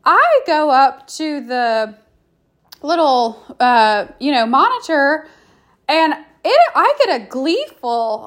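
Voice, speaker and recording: A young woman chats casually, rambling through a story with plenty of fillers and restarts. Her voice sits a little high for a woman. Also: big pitch swings, slow pace. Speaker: food reviewer. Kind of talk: casual chat.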